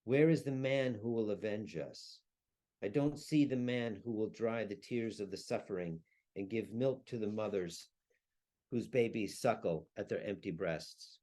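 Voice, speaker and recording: Old saddle maker in grief and fury, hurling curses, read aloud by a man in a lowish voice. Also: animated, a little slow, dark tone. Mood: cursing. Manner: lamenting, rising to furious curses. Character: elderly grieving Jewish saddle maker, bitter, cursing.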